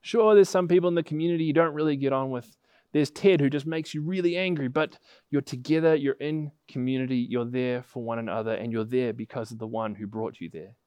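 A man's voice: medium pitch, brisk, a little mellow, smooth, dry recording. A man preaching a sermon, telling a vivid illustrative story that builds in intensity.

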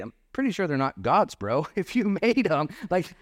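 Casting note: laid-back male pastor preaching, slightly high voice, dry close sound. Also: expressive, fast, hardly any pauses, dry recording. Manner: casual, joking preacher who reads scripture then riffs. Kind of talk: sermon. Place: church.

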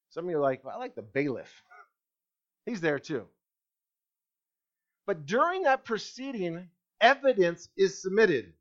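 A man's voice: fairly high pitch, lo-fi sound. A man preaching a sermon as pastor, emphatic, asking the congregation rhetorical questions.

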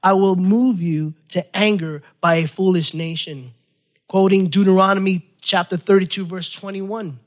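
A man with a fairly high voice preaches a sermon, teaching from scripture. He is animated and chatty, breaking off into casual, self-deprecating asides before he comes back to the text. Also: moderate pace. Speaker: pastor.

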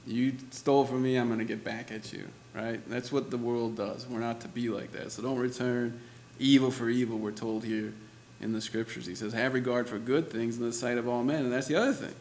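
A man's voice: medium pitch, steady tone, a little fast, a little mellow, slight background noise. A man preaching a sermon in a church, talking conversationally and laughing often, with lots of "you know" and "right?". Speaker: pastor.

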